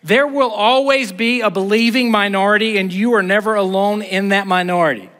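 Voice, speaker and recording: A man's voice: sits high, steady tone, fairly quick, a bit bright. A middle-aged man preaching a sermon in an emphatic, blunt, conversational way. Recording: reverberant hall.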